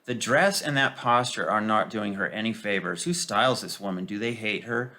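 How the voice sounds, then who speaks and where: A man giving a casual, sarcastic political commentary, full of mocking asides and hesitant filler pauses. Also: fairly low pitch, bright, forceful tone.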